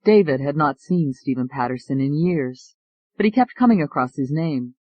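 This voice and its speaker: A man reading an audiobook as narrator, measured and even. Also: a little high, no room sound, lo-fi sound. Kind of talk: scripted narration.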